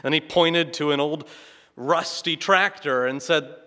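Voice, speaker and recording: A man delivers a sermon at an unhurried pace, his voice bright and a little high for a man. He leans on rhetorical questions and a chuckling storyteller's manner. The sound carries a long reverb tail, as if in a church sanctuary. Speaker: pastor.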